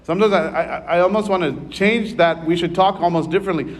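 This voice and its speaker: A man's voice: sits high, expressive, a little fast. A man giving a sermon in a church as its priest, preaching in an earnest, conversational way with frequent asides to the congregation.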